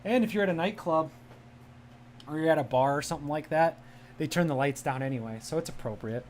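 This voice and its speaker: A man's voice: a little high, fairly quick, darkish tone, slight background noise. A man from the Midwest chatting casually on a livestream, enunciating carefully in a polished media-style voice. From American Midwest. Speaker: livestream host. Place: home room with a cat.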